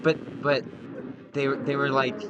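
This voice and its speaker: A young man chatting casually while playing a game, spinning a rambling, profanity-laced story full of ums and restarts. His voice sits at an ordinary middle pitch for a man. Loud video game music plays behind him. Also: little pitch movement, unhurried, lo-fi sound. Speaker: podcast co-host and let's-play player. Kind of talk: casual chat over gameplay.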